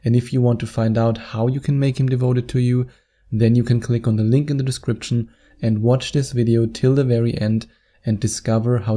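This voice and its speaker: A man's voice: medium pitch, mellow. A man giving relationship advice as a coach, talking earnestly and rephrasing his points as he goes. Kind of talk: advice video monologue.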